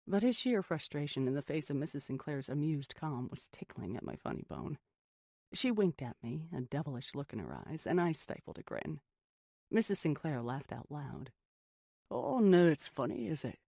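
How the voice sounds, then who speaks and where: An audiobook reader giving scripted first-person narration of a gothic horror novel in an expressive storytelling manner. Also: mid-range voice, moderate pace, no room sound, studio quality.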